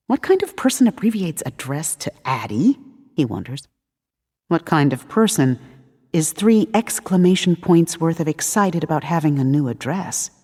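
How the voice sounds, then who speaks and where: A woman narrating an audiobook in a measured, expressive reading style. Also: sits low, dry recording, studio quality. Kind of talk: scripted narration.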